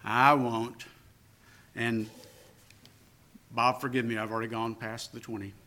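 A man's voice: medium pitch, little pitch movement, measured pace, bright, forceful tone. A man preaching a sermon as pastor, conversational with self-deprecating asides, building emphasis through repetition. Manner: emphatic repetition, rising on key phrases.

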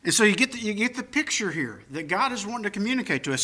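A man's voice: sits high, very animated, fast talker, hardly any pauses, sharp tone. An older man preaching a sermon, earnest and emphatic, with personal asides. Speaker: pastor.

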